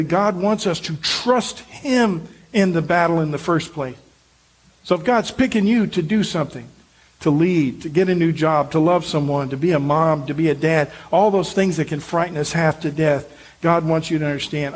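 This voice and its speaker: A man's voice: fairly high pitch, slightly rough, low-quality recording. A male pastor preaching a sermon in an earnest, emphatic, encouraging way.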